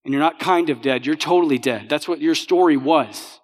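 A man's voice: on the high side, moderate pace. A pastor preaching a sermon in a conversational way, often checking in with his audience. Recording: long hall reverb.

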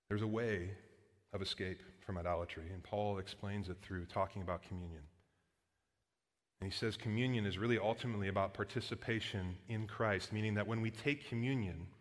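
A man's voice: on the low side, long reverb tail. A man preaching as pastor, casual and earnest, with frequent "like" and "guys" between points. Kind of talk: sermon. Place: church sanctuary.

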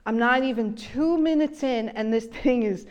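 A woman delivering a sermon in a slow, gentle way, her voice dropping soft and low when she quotes someone. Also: lo-fi sound. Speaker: preacher.

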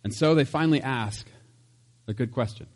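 A man's voice: medium pitch, moderate pace. Guy giving a laid-back sermon, chatty, laughs as he goes, mid voice. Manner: conversational and chatty, with laughs and asides. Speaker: pastor. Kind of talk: casual sermon.

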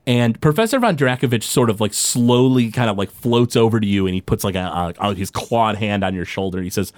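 A man's voice: lowish voice, expressive, brisk, hardly any pauses, a little mellow, no echo, studio quality. A man running a tabletop game as game master, narrating loosely with many fillers and restarts. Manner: loose, full of fillers and restarts, laughs often.

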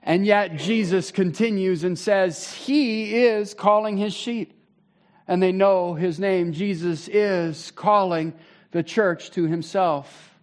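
A man in his thirties preaching a sermon as pastor, conversational and animated with sudden loud bursts. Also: sits high, slow pace.

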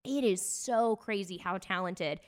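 A woman co-hosting a casual podcast, trading celebrity gossip in a chatty way. Her voice sits at an ordinary middle pitch. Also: unhurried. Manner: chatty, gossipy storytelling with bursts of laughter. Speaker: podcast co-host. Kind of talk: casual chat.

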